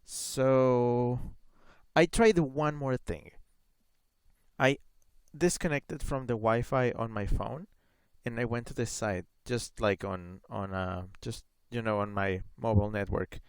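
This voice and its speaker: A man's voice: mid-range voice, fairly even intonation, slow, smooth, no echo. A man chatting casually on a live gaming stream, rambling with lots of fillers and reading chat messages aloud.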